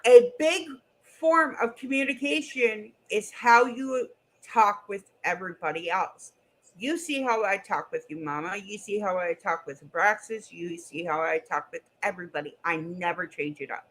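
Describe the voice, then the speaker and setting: A woman's voice: medium pitch, moderate pace, fairly bright tone, poor audio. A middle-aged woman hosting a casual livestream chat, blunt and goofy, swearing freely. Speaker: streamer and co-host.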